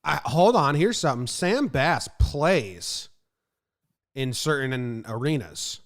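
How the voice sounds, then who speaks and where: A man's voice: medium pitch, sing-song, slow pace, fairly bright tone. Chatty man co-hosting a podcast. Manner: chatty, rambling, with fillers like "you know". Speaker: podcast co-host. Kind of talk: casual comedic podcast chat.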